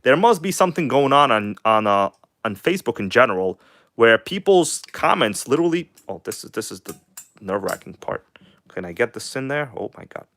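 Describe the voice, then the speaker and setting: A livestream host fiddles with a model engine while talking to viewers, shifting from animated showmanship to quiet mumbled comments. His mid-range voice moves a little fast.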